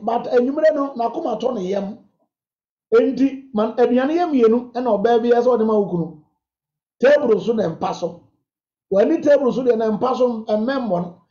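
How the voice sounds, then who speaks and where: A man's voice: extremely high pitch, dark tone. A man, a bishop giving emphatic, preacherly counsel on marriage questions to a congregation. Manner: emphatic, preacherly, switches freely between languages. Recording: echoey, dull lo-fi sound.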